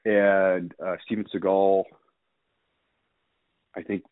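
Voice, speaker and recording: A man's voice: sits low, level tone, slow, dry recording. A man casually telling a rambling story, swearing freely and stumbling over details. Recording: dry phone-like sound.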